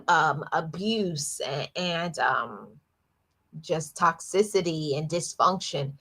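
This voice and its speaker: A woman's voice: on the low side, pushed and bright. A woman hosting a livestream, talking earnestly and reflectively about her own life, often repeating words and restarting sentences. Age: adult, lost her father at eighteen years ago. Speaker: livestream host. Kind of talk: reflective personal talk on a livestream.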